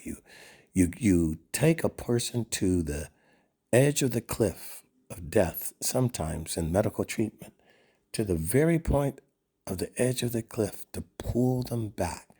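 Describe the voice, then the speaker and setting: A man delivers a sermon in a very low, husky voice. He is earnest and steady, and at times his voice sinks almost to a whisper. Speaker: preacher.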